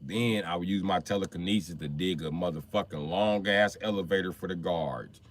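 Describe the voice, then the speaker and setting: A man hosting a livestream in casual, rambling chat, swearing constantly and breaking into loud outbursts. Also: low-pitched, normal speed. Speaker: livestream host.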